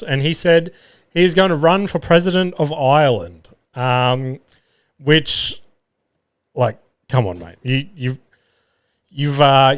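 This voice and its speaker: A man's voice: mid-range voice, clear, resonant tone. A man hosting a solo podcast in casual chat, rambling, swearing freely and filling gaps with "um" and "like" as he hunts for words. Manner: loses his words mid-thought. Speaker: podcast host.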